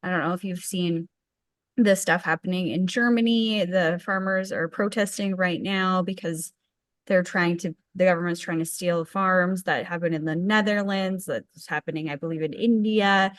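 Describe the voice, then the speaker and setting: A woman chats on a podcast, eagerly jumping in with her own examples. Her voice is a little low. It is recorded dry and close, with no room sound. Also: fairly even intonation, normal speed, no echo. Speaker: podcast co-host. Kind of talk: casual podcast conversation.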